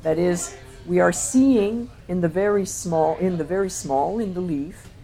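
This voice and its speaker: A woman presenting her photographs to an audience, speaking reflectively and often pausing on fillers and restarts. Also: on the low side, mellow, faint music behind. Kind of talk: slide talk to an audience.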